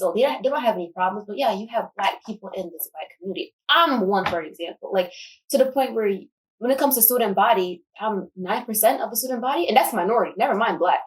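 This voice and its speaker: A woman's voice: mid-range voice, recorded from a distance, low-quality recording. A young woman talking passionately in a casual discussion, packing her speech with fillers like "like". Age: young adult. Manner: passionate, fast, filler-heavy. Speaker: student guest.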